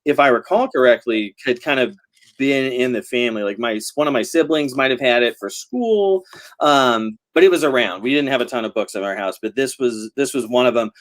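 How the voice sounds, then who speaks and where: Brief: male, mid pitch, rambling casual chat, laughs a lot, video-call mic. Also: fairly quick. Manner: rambling, laughs often, many fillers. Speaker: novelist guest.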